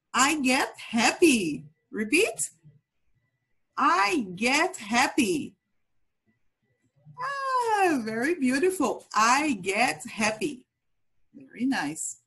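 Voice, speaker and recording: A woman with a Brazilian Portuguese accent teaches English to small children, repeating each phrase in a slow, drawn-out sing-song. Her fairly high, slightly husky voice swoops up and down, with a bright, forceful tone.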